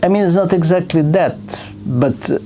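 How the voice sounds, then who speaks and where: A man leading a scripture class, reading out a passage and then explaining it in loose asides with fillers and soft chuckles. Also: high voice, moderate pace, soft background music. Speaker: temple class speaker.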